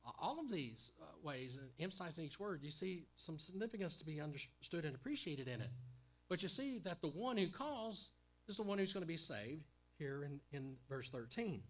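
A man's voice: on the high side, very animated, moderate pace. A man preaching a sermon in an earnest teaching tone, often repeating words and stopping with fillers.

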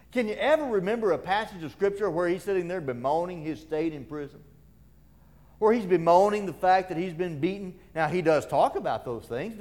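A male preacher delivering a sermon with a lively, swooping voice that climbs high when he stresses a point. He is emphatic, repeats his key phrases and poses rhetorical questions, and turns fervent when he reads scripture aloud.

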